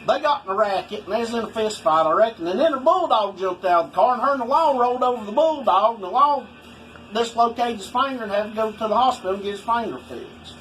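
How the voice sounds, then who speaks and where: A man's voice: high voice, lively intonation, fast talker, fairly bright tone, a little hiss or hum, rough recording. A man telling rambling, folksy stories in casual talk. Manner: folksy, rambling, swoops for effect. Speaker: storyteller vlogger.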